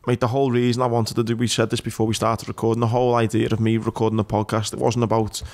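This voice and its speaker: A man's voice: mid-range voice, little pitch movement, very fast, a little mellow. A man hosting a casual podcast interview, earnest and chatty, calling his guest "mate". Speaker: podcast host.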